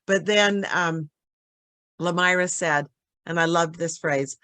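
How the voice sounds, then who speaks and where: A woman speaking as a guest trainer on a casual video call, thoughtful with filler pauses. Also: deep voice, steady tone, a bit bright.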